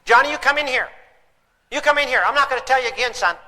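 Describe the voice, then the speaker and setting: A man playing an exasperated parent yelling threats and counting down at a child. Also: high-pitched, lively intonation, fast. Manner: yelling, threatening, mock-angry. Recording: long hall reverb.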